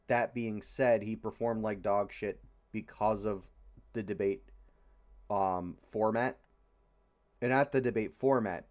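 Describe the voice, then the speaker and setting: A young man with a lowish, somewhat dark voice hosts a casual podcast, sharing opinions in a rambling, frustrated way. He uses lots of fillers and swears freely.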